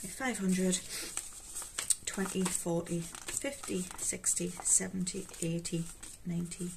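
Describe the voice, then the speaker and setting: Geordie woman, lowish voice, nattering away to herself while counting notes, noise in the background. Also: little pitch movement, takes it slowly, gravelly. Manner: chatty, self-mocking, talks to herself while counting. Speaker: budgeting vlogger. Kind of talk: casual chat while counting cash.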